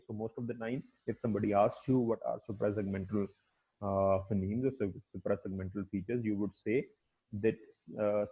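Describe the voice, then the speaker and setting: Halting low-voiced male lecturer. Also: mellow, breathy edge. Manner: halting, repeats words, many fillers, mixes in Hindi-Urdu. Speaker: lecturer on language. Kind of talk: classroom lecture. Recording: dull lo-fi recording.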